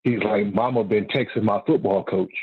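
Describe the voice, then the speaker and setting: A man tells his story as a caller on a talk show, and he comes through a tinny, muffled phone line. His voice sits a little low and sounds husky, with a dry, close sound. He rambles and swears freely. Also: steady tone, normal speed, no room sound. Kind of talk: casual storytelling on a call-in show.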